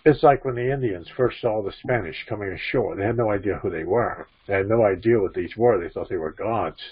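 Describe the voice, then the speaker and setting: A man's voice: lowish voice, a little fast, slightly rough. A man teaching spirituality to an audience, repeating his phrases and asking the listeners questions. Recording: dull lo-fi recording.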